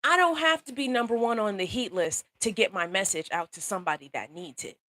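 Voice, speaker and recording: A young woman talks live on her phone to her viewers, chatty and encouraging, often laughing and repeating lines to drive a point home. Her voice is bright and sharp. The sound is dry and close, with no room echo. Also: mid-range voice, brisk. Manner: animated, laughs often, greets viewers by name, repeats phrases for emphasis. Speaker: livestream host. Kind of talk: casual motivational live stream talk.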